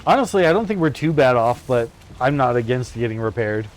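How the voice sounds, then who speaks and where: A man streaming a co-op game, chatting casually and telling a myth in a playful, animated way. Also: medium pitch, brisk, a little hiss or hum. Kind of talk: casual gameplay chat with storytelling.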